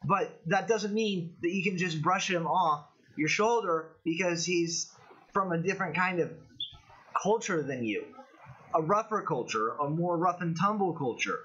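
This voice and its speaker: High-pitched, expressive and unhurried, with a pushed, bright, slightly rough tone, this young US livestream host speaks with a Californian accent. He rambles about politics, offers opinions and responds to chat, all in dull lo-fi audio.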